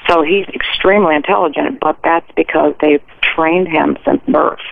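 A woman's voice: low-pitched, moderate pace, creaky. An older woman calling in to a radio show, chattily telling a long rambling story about her family. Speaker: caller. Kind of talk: phone-in call. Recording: tinny phone line with faint hiss.

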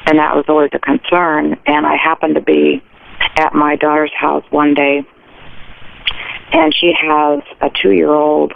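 A woman's voice: sits low, measured pace, creaky. An older woman calling in to a radio show, chattily telling a long rambling story about her family. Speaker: caller. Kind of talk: phone-in call. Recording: tinny phone line with faint hiss.

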